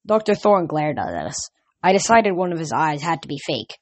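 Brief: relaxed amateur story reader, even middle pitch, dry close mic. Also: moderate pace, no room sound. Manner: casual, with slips and restarts. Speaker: audiobook reader. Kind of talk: first-person story reading.

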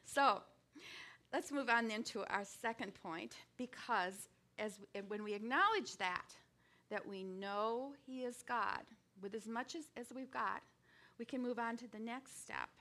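An older woman delivers a sermon in a casual, personal way. Her voice is bright and a touch high. She circles back on her words and breaks into sudden animated moments. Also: unhurried. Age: 60s or older. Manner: conversational, with many restarts and sudden bursts of animation. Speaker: speaker giving a devotional talk.

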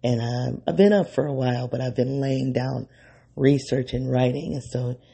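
A man's voice: medium pitch, fairly even intonation, moderate pace, gravelly, mellow, breathy edge. A man hosting an unscripted solo podcast in his early-morning voice, rambling and correcting himself as he thinks aloud. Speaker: podcast host.

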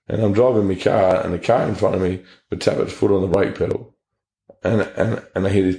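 A man's voice: sits low, steady tone, fairly quick, gravelly, warm tone. An Australian man telling his personal story in an interview, blunt and earnest, with plenty of slang. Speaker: interview guest. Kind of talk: personal testimony. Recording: echoey room.

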